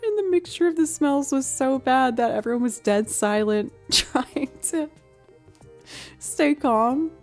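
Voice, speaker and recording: A woman musician chatting on her live stream at home, telling stories with frequent laughter and cooing softly to her pet. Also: medium pitch. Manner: animated, laughing often while telling stories; soft and cooing when talking to her pet. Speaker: musician livestreamer. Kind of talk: casual storytelling chat on a live stream.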